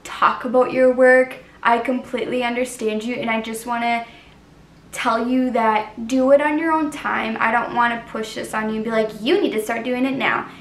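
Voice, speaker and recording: A woman's voice: a little high, steady tone, moderate pace. Artist lady talking to her viewers, earnest and encouraging, kinda roomy and far from the mic. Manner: earnest, encouraging, frequent "like" fillers. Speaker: artist, channel host. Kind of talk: casual vlog talk to camera. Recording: roomy sound, voice from a distance to the mic.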